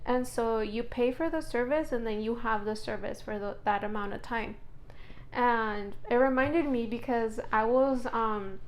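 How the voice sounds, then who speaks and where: Animated, laughing woman in her twenties. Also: on the high side, a little slow, a little hiss or hum. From Las Vegas. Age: 20s. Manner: animated storyteller, acts out quoted dialogue, laughs often. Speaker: podcast co-host. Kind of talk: casual chat.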